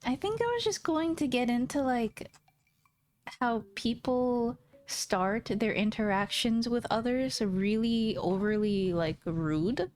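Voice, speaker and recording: A woman's voice: fairly high pitch, slow, darkish tone. Giggly, playful woman streamer. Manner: giggly, playful and teasing, talks straight to viewers. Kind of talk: casual chat stream.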